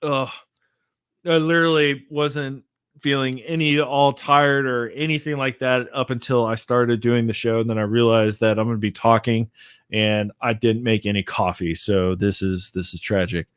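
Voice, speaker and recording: A man talking casually to viewers on a live stream, rambling and full of fillers, and sleepy. His voice is smooth and resonant, mid-pitched, and sounds dry and close. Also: little pitch movement, normal speed, dry recording. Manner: rambling, filler-heavy, laid-back. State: sleepy, yawning. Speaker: comic book vlogger.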